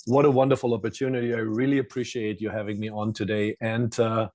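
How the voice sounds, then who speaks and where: A man with a German accent, a cruise line business development director, giving an enthusiastic webinar presentation and often clearing his throat. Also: fairly low pitch, little pitch movement, fast talker, darkish tone.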